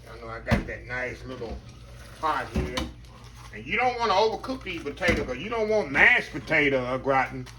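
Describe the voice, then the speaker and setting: A man's voice: mid-range voice, very animated, normal speed, noisy background. A man hosting a casual cooking demonstration in a kitchen, folksy and talking straight to his viewers, repeating his catchphrases. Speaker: cooking show host. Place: home kitchen.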